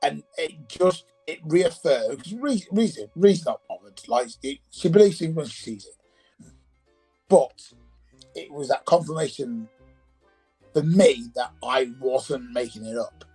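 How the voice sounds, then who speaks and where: A man casually telling a personal ghost story, animated and acting out the voices in it, with faint music behind. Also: fairly high pitch, measured pace, husky, poor audio.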